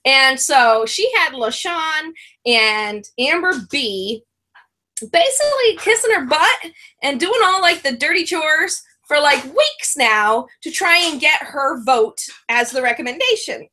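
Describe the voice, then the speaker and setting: A woman co-hosting a reality TV review show, chatting casually and rambling, laughing often and using lots of "like" and "um". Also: measured pace. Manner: mimics others in a high, excited voice when retelling. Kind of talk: casual chat.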